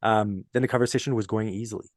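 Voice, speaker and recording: A man's voice: lowish voice, steady tone, rapid-fire, dry recording, studio quality. A man with a French Canadian accent hosting a casual podcast chat, earnest and rambling, laughing often as he tells stories. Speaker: podcast host.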